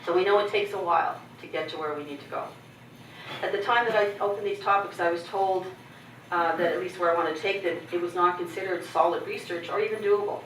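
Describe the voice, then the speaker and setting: A woman's voice: on the low side, fairly quick, a bit bright, a little hiss or hum. A middle-aged woman from Canada giving a keynote address, telling personal stories with candor and humor and acting out other people's lines. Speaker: keynote speaker. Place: conference hall. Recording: echoey hall, mic from a distance.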